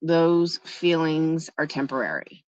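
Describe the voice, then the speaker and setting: A woman with a low, expressive voice speaks slowly while hosting a livestream. She chats with her audience and tells a story casually, over a dry, dull lo-fi recording.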